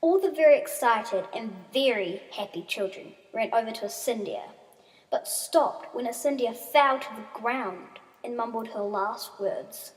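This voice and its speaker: A woman slowly reading her written story aloud, acting out the sound effects. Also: a little high, lively intonation. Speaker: story reader. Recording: reverberant room.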